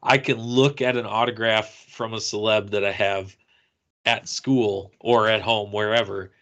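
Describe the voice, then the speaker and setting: A man, a podcast co-host and middle school teacher, casually telling a lively convention story and acting out the quotes. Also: on the low side, measured pace, dull audio. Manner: animated, acts out quotes with laughter.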